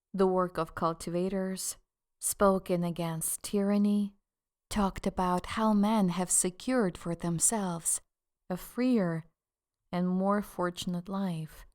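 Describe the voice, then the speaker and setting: A woman narrating an audiobook in a measured, deliberate way. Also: lowish voice, a little mellow. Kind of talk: scripted narration.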